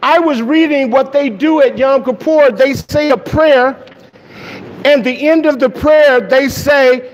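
High-voiced man preaching in an echoing hall. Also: a little slow, dull audio. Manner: excited, emphatic, asks the listeners questions. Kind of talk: sermon. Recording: long echo of a hall, faint noise.

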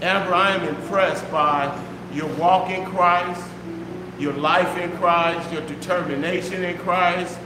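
A man's voice: high voice, fairly even intonation, takes it slowly. A man preaching as pastor to a congregation, emphatic and affectionate, repeating his key phrases. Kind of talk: church sermon to a live congregation. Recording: roomy hall with background noise.

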